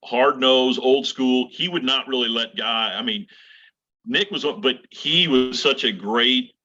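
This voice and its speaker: A man's voice: medium pitch, measured pace, sharp tone, lo-fi sound. A middle-aged man, a college baseball coach, telling stories in casual chat with many restarts. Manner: rambling, many restarts and fillers.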